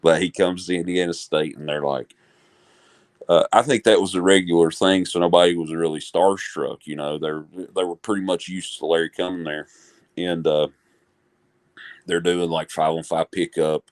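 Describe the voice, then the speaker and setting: Deep-voiced male sports podcast host. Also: fairly even intonation, moderate pace, no echo. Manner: rambling storyteller, frequent fillers. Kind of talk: casual sports podcast chat.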